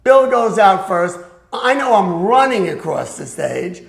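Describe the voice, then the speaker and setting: A man's voice: sits high, unhurried, creaky. An older man telling anecdotes as a guest in an interview, acting out the voices of the people in his stories. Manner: animated storyteller who acts out other people's voices. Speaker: guest recalling a music career. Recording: echoey room.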